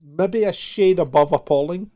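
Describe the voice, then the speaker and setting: Joking man with a higher voice. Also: normal speed, mellow. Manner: joking, laughs often. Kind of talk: casual podcast chat.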